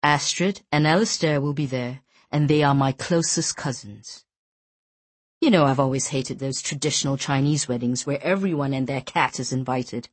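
A woman reading an audiobook voices a calm young man reassuring his fiancée, soft and unhurried. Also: a bass voice, breathy edge, no room sound.

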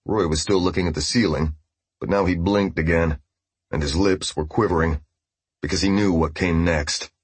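A man narrating an audiobook with steady, grave storytelling. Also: sits low, normal speed, breathy edge, no echo. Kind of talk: scripted narration.

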